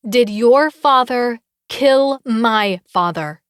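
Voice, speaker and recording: A woman's voice: fairly high pitch, a little slow, no echo, studio quality, lightly acted. A woman narrator voicing a fierce, angry young woman who accuses her rival and demands answers in an audiobook. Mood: accusing.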